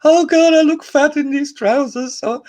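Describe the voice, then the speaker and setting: A woman voicing a whiny, self-pitying man who feels weak and helpless, in a high, wailing tone during a lesson. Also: normal speed, a little mellow, lightly acted. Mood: whining.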